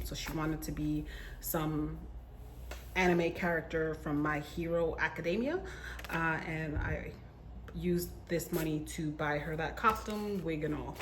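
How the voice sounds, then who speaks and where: A woman's voice: low-pitched, a little hiss or hum. A woman in a casual budgeting vlog, talking through her spending in a chatty, rambling way, often correcting herself mid-sentence. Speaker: budgeting vlogger.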